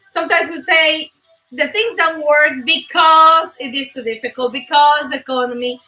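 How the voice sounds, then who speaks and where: Bright high-voiced animated woman host. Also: distant mic, rough recording. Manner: animated, emphatic, laughs often. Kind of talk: live motivational talk show.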